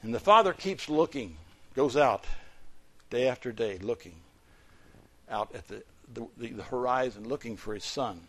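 Pastor preaching with loud, swelling emphasis. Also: male voice, expressive. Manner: swings from loud emphatic peaks to soft low asides; reads scripture in a slow, stressed cadence. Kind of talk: sermon.

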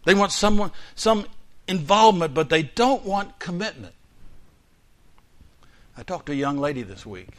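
A male pastor preaching a sermon, moving between loud declarations and quiet, hushed asides. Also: fairly high pitch.

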